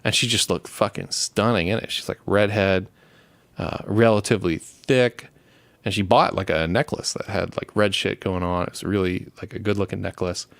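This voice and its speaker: A man's voice: sits low, fairly even intonation, normal speed, creaky, a bit bright, no room sound. A young man in casual, profane chat, rambling through stories and laughing as he talks. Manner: rambling, swears constantly, laughs while telling stories. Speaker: show host.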